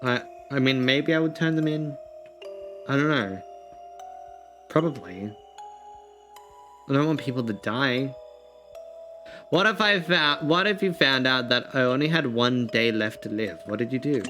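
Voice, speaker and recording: A male streamer chats his way through a personality quiz, rambling and laughing as he thinks out loud. His voice sits at an ordinary middle pitch. Soft music plays faintly underneath. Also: unhurried, pauses often. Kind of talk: casual live-stream chat, reading quiz questions aloud.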